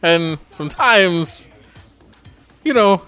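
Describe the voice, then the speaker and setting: Guy doing a hammy irish brogue, loud and a bit high, halting like he's making it up. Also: expressive, smooth, faint music behind, heavily acted. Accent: put-on Irish. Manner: loud, halting, self-conscious improv. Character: brash grown man with a stagey Irish brogue. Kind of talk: comic impression in a podcast chat.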